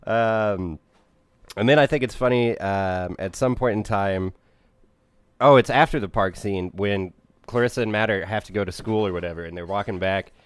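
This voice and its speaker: A man's voice: fairly low pitch, moderate pace, clear, resonant tone, no echo. A man co-hosting a podcast, chatting casually about a movie, laughing often, swearing and acting out lines from it. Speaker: podcast co-host.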